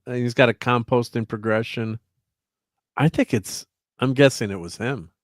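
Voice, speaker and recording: A man's voice: mid-range voice, normal speed, dry recording, studio quality. A man hosting a casual livestream chat, rambling with lots of fillers and chuckles while he fiddles with his slides. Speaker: host.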